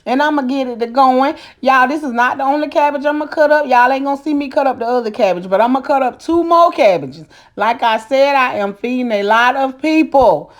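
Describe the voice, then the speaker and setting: A woman's voice: high-pitched, fairly quick, hardly any pauses. A middle-aged woman hosting a casual cooking vlog, folksy and chatty, calling her viewers honey and baby. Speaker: cooking channel host.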